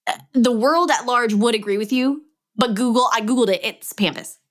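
A young woman co-hosting a casual podcast chat, sarcastic and quick to joke. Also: fairly high pitch. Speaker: podcast co-host.

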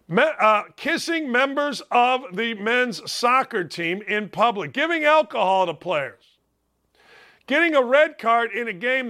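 A middle-aged man riffing as a sports talk host with a high, bright, ringing voice. He talks in animated, sarcastic bursts, jumping from shouted disbelief to low mutters. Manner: animated, sarcastic, swings between loud outbursts and asides. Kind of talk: opinionated sports radio talk.

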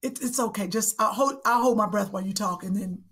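A woman's voice: mid-range voice, quick pace, a bit bright, husky. A woman co-hosting a comedy podcast, chatting in a playful, giggly way. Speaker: podcast co-host. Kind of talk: casual comedy podcast chat.

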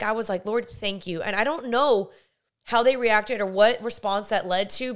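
A woman's voice: medium pitch, clean tone. A young woman hosting a podcast, telling a personal faith story in an earnest, rambling way, with many fillers and restarts. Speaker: podcast host.

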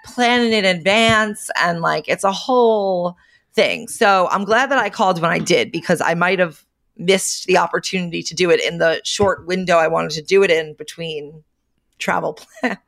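Woman cohost, easygoing chatty vibe, lowish voice. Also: normal speed, creaky, fairly bright tone, no room sound. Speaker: podcast co-host. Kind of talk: casual chat.

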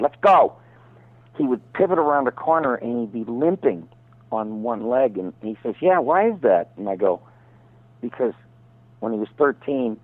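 A middle-aged man, a voice actor guest, telling rambling showbiz stories over the phone and slipping into quick impressions. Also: mid-range voice, dry recording. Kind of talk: casual phone interview. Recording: tinny phone line.

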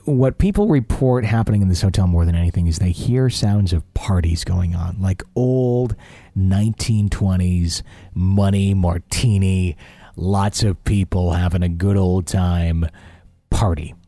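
A man's voice: deep voice, unhurried, warm tone, no echo. A man hosting a paranormal call-in radio show, talking in a rambling, chatty, self-deprecating way.

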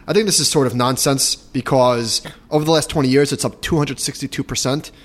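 A man's voice: mid-range voice, fairly quick. A man co-hosting a podcast, who leads the topics and chats casually about markets. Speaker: podcast co-host. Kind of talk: casual finance chat.

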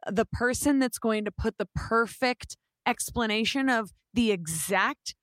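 A woman's voice: on the high side, measured pace, a bit bright, no echo. A young woman co-hosting a podcast, chatting casually and teasing her partner with a laugh. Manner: playful, teasing, laughs easily. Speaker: podcast co-host.

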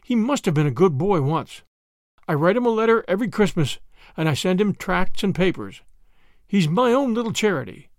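A man's voice: high voice, big pitch swings, moderate pace, no echo, clean studio sound. A man voicing a kindly, stubborn old grandmother who speaks earnestly and plaintively.

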